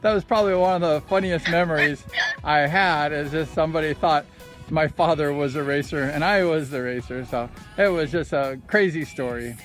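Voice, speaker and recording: A man with a high voice chats through his old racing stories, amused and easygoing. He talks outdoors by the ocean. Music plays clearly beneath his voice. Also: normal speed. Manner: chatty, amused, self-deprecating storyteller. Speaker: former motorcycle racer telling stories. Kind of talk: casual storytelling vlog. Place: outdoors by the ocean at low tide with his dog. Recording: background music under the voice.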